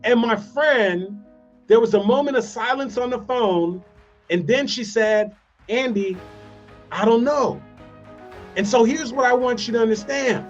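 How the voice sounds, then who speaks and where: A man giving a motivational speech, telling a story with repeated phrases and dramatic slowdowns. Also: very high voice, dull audio, faint music behind. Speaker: motivational speaker.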